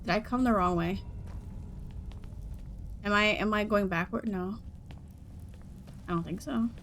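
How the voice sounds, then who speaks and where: Her voice sits in the mid-range, fairly bright and a little slow, with a faint hiss or hum behind it. She's a young woman giving casual commentary while streaming a game, laughing and responding to chat.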